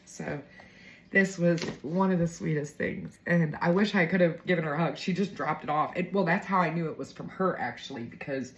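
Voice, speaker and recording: A woman's voice: lowish voice, a little fast, muffled recording. A woman in her forties telling a heartfelt story to her viewers in a chatty, emotional way, full of fillers. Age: 40s. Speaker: vlogger.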